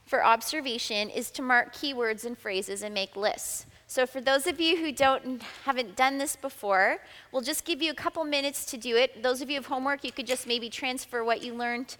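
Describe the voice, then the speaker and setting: A woman's voice: sits high, moderate pace, hardly any pauses, fairly bright tone, long reverb tail. A woman leading a group Bible study, explaining each step and reading scripture aloud. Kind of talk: teaching a group study session.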